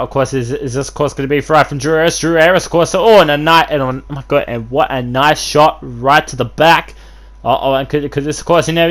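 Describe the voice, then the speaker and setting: Male wrestling commentator, a bit high-pitched; filler-heavy, rambling calls with bursts of excitement. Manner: rambling, constant fillers and restarts, bursts of hype. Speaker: host and play-by-play commentator.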